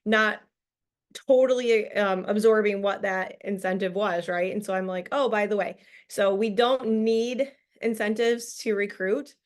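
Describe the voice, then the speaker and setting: In an unhurried, medium-pitched voice, a team leader leads a business training over video, giving a relaxed, cheerful pep talk full of fillers and laughter.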